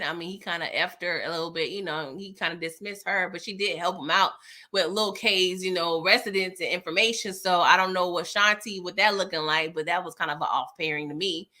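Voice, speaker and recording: A young woman hosting a casual TV recap, talking straight to her viewers in a frustrated, animated way and reading out chat comments. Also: fairly low pitch, a little fast. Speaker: TV recap host.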